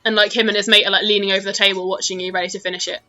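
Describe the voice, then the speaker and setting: A woman's voice: mid-range voice, little pitch movement, very fast, bright, forceful tone. A British woman narrating a tabletop game as dungeon master, chatty and full of fillers. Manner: chatty, laughing, lots of fillers.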